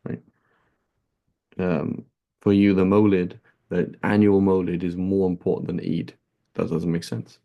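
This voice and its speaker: A man's voice: low-pitched, little pitch movement, a little slow, creaky, long pauses, muffled recording. A man teaching a conversational religious lesson, explaining points and often checking in with a rhetorical "right?", with Arabic terms mixed into his English. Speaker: Islamic teacher.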